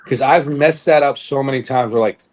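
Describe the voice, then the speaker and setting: A man's voice: medium pitch, a little fast, slight background noise. A young man on a podcast telling a long story in a casual, rambling way, with lots of fillers and swearing. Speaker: podcast co-host, bodybuilder. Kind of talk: casual chat.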